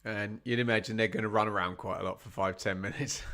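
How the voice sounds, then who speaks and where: Man, watch-along football commentary, bright tone, chatty, wry asides. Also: lowish voice, fairly quick. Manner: chatty, wry asides, gets excited at chances.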